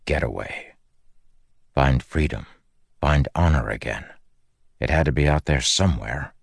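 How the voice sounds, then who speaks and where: A man narrating an audiobook in a measured, grave storytelling manner. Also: extremely low pitch, vocal fry, no echo, studio quality.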